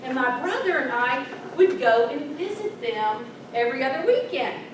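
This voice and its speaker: A woman in her fifties giving a humorous Toastmasters speech, animated, breaking into song and acting out characters. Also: high voice, normal speed. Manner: animated, sings snatches and acts out characters. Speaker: Toastmasters speaker. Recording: echoey hall, distant mic, noisy.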